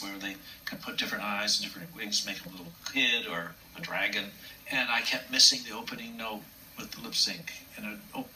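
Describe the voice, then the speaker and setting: An older man recounting memories in an unhurried, anecdotal way. His voice is low and bright-edged, and he sits a little back from the mic with faint noise around him. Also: distant mic, rough recording. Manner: warm, anecdotal, acts out quotes. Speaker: puppeteer. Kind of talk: reminiscing interview storytelling.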